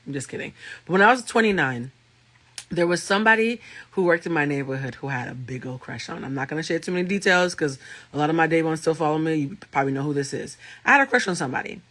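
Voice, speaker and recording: A man with a thick, raspy voice speaks with a bright, cutting edge, pitched a little on the high side. He is a life coach and tarot reader talking casually to his livestream audience. He tells his stories with animation and swears freely. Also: expressive, quick pace. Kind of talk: casual livestream talk to viewers.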